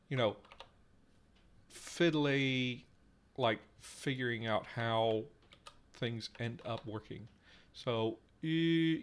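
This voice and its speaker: A man in the middle of a live language-construction session, talking to his viewers while he works. He moves at a very slow, deliberate pace and keeps sounding out short syllables to hear how they fit, at a moderate, ordinary pitch. Keyboard clatter runs under his voice. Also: a bit bright. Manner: slow and musing, repeats word forms aloud to test them. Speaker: conlang show host. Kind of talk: working through examples live on stream.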